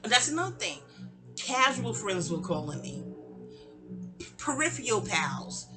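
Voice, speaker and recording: Middle-aged woman, lively storyteller, voice jumps high when she quotes people, music underneath. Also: a little slow. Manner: animated, digressive, acts out quoted voices with sharp pitch jumps. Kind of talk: rambling storytime monologue.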